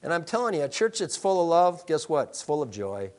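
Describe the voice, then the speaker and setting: A man's voice: fairly high pitch, very animated, fairly quick. A male pastor preaching a sermon, emphatic, with rhetorical questions to the congregation.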